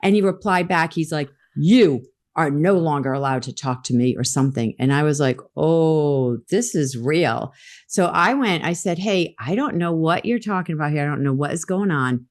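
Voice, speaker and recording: A woman with a low voice tells her story as a podcast guest. She is middle-aged and animated, and she voices the lines of the people she quotes. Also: moderate pace. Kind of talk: storytelling in a conversation.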